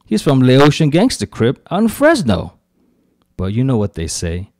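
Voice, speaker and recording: A man's voice: mid-range voice, huge pitch swings, moderate pace, darkish tone, no room sound. A man reading his own fiction aloud at a live event, telling a first-person story with gritty street slang and brief put-on voices for quoted characters.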